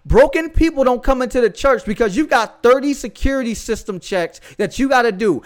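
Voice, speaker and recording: Young man with a Southern US accent, high-pitched voice, fervent casual preaching style, slang asides. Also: animated, a little fast, hardly any pauses. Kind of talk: podcast sermon.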